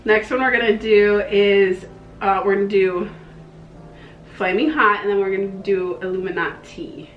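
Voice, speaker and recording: A young woman with a twang, gushing excitedly as she reviews a makeup palette in a casual vlog. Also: mid-range voice, moderate pace, reverberant, dull audio, slight background noise. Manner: gushing, excitable, slangy, with breathy exclamations. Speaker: beauty vlogger.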